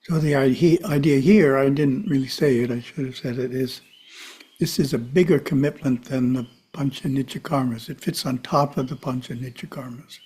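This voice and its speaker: A man giving a calm, measured spiritual teaching talk, with side remarks to his listeners. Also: mid-range voice, slightly rough. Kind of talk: teaching talk to a live audience.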